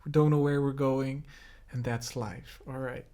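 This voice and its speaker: A man's voice: mid-range voice, steady tone, a little slow, warm tone, a little hiss or hum. A man hosting a casual music vlog from his home studio, talking in a laid-back, rambling way with plenty of fillers. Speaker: music producer and host.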